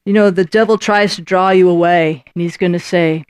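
A woman's voice: fairly low pitch, fairly even intonation, a little fast, a little mellow, clear, resonant tone, no room sound, studio quality. A woman preaching a sermon in a conversational way, often acting out little voices and dialogues and checking in with her listeners by asking "Right?".

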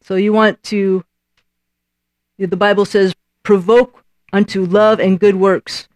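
A woman preaching a sermon with an animated delivery. She acts out quoted voices and repeats key lines for emphasis. Her voice sits in a middle pitch and the sound is dry and close. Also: takes it slowly, no echo.

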